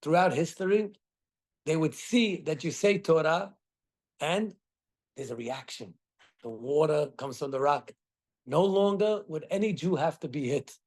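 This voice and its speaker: Middle-aged rabbi, higher-pitched man, teaching a class, acts out quotes. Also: unhurried. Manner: animated storytelling with acted quotes. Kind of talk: Torah class.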